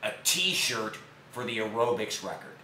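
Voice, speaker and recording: A man co-hosting casually, adding short agreements and quick anecdotes. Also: on the low side, very animated, sharp tone. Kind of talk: casual chat. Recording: distant echoey mic with faint noise.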